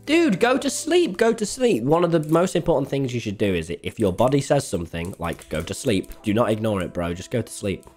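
A young man chatting to his live-stream audience while playing, excitable and swearing freely. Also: lowish voice, brisk, few pauses, faint music behind. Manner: excitable, swears freely, jumps between game and chat. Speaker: game streamer.

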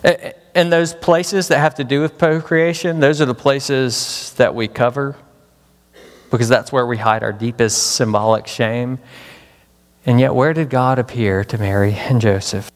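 A man's voice: medium pitch, fairly even intonation, measured pace. Preaching man in a reverberant chapel. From Memphis, Tennessee. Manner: dramatic, with many rhetorical questions. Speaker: pastor. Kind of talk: chapel sermon. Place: large chapel hall. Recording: long hall reverb.

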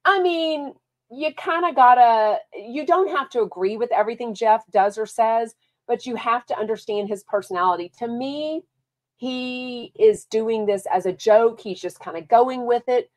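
A Texan woman with a Texan accent hosts a podcast, chatting casually and lively about reality TV and reading viewer comments aloud. Her voice is a little high, and she speaks at normal speed.

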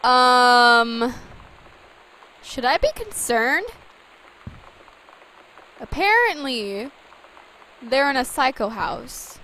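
Giggly high-voiced young woman gamer. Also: big pitch swings, drawn-out words, pauses often, bright, forceful tone, a little hiss or hum, rough recording. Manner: giggly, chatty, reads game text aloud. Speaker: let's play gamer. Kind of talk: casual gameplay commentary.

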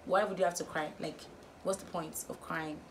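A young woman vlogging, firing off exasperated rhetorical questions in an animated opinion rant. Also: low voice, moderate pace, slight background noise.

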